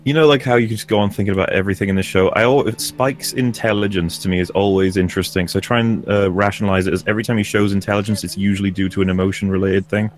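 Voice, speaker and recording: Fast-talking British man, low voice. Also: steady tone. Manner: quick, enthusiastic, analytical. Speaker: co-host. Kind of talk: casual livestream chat.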